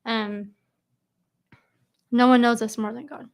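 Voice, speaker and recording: A woman leads a church Bible study group. Her slightly high voice has a gravelly edge. She talks very slowly and pauses often. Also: flat delivery. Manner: slow, halting, with many fillers. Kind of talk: reading scripture and leading a casual study.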